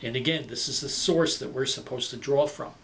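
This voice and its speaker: A male preacher giving a sermon, with dramatic delivery that swings between loud emphasis and quiet passages. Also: medium pitch, brisk, slight background noise.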